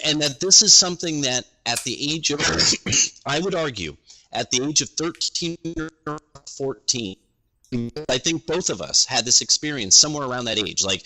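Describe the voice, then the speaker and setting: Bright-voiced man musing on a podcast. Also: medium pitch, rough recording. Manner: rambling, halting, restarting thoughts. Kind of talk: casual podcast conversation.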